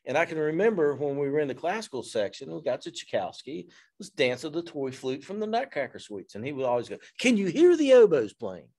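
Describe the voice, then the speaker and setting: A man, a fire service instructor telling a story in an interview in an animated, self-deprecating way. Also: fairly high pitch, fast talker.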